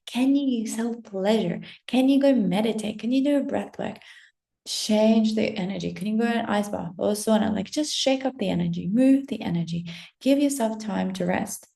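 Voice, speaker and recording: A woman's voice: medium pitch, gravelly, warm tone, echoey room. A woman coach giving a casual motivational pep talk, full of encouraging rhetorical questions and the odd swear word. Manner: casual, swears now and then.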